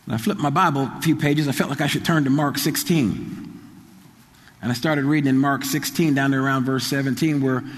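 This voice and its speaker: A man's voice: medium pitch, brisk, big-room sound. A man preaching a sermon, telling a story with many repeats and stammers. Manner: repeats phrases, stammers, builds to excited shouting. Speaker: pastor.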